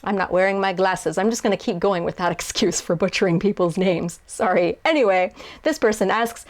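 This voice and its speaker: A young woman talks straight to her viewers in a relaxed question-and-answer video. She rambles a little, restarts her sentences and pokes fun at herself. Her voice sits at an ordinary middle pitch for a woman. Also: fairly quick. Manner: chatty, self-deprecating, many fillers and restarts. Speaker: YouTuber and translator. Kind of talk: casual Q&A to camera.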